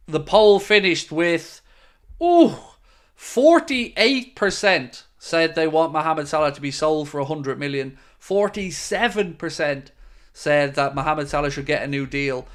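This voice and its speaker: A man's voice: on the high side, a bit bright, smooth. A middle-aged man hosting a casual fan live stream, reading out viewer comments in a chatty, friendly way. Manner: chatty and friendly, with frequent fillers. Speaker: fan channel host.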